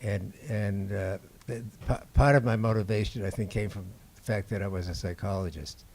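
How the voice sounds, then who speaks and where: Older man, mellow low storytelling voice. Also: fairly even intonation, breathy edge. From Boston, USA. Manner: halting, unhurried storytelling. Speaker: documentary filmmaker. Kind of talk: anecdotal talk to an audience. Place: indoor screening before an audience.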